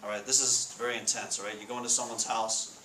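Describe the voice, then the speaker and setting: A man giving a casual sermon to students, asking the room questions and reading scripture slowly. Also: lowish voice, level tone, bright, forceful tone. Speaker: Bible study speaker. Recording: echoey room with faint noise.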